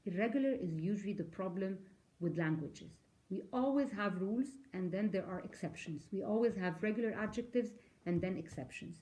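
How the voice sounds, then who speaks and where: A woman leads an English grammar lesson, her voice mellow and soft-edged. She works through examples one at a time, quizzing her listeners and spelling words out letter by letter. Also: mid-range voice, brisk. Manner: patient, explains step by step, asks the class questions, spells words out. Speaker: English teacher. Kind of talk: recorded online grammar lesson.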